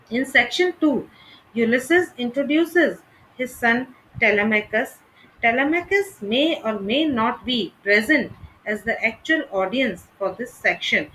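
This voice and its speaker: A woman reading a scripted literature lesson in a measured, deliberate way. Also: on the high side, bright, forceful tone, a little hiss or hum, poor audio. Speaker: literature teacher.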